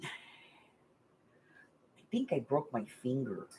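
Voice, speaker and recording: Hosting a live game for her craft channel from a hot room at home, a middle-aged woman chats and tells rambling stories, laughing often. Her voice rumbles low with big pitch swings, a slow pace, and a dark tone, plus a little hiss or hum.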